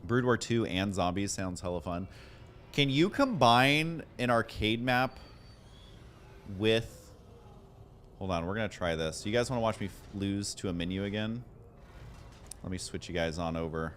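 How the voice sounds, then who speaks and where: Excitable, self-deprecating male streamer. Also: fairly low pitch, moderate pace, pauses often, a little hiss or hum. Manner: excitable, self-deprecating, thanks viewers by name. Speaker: game streamer. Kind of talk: casual livestream chat.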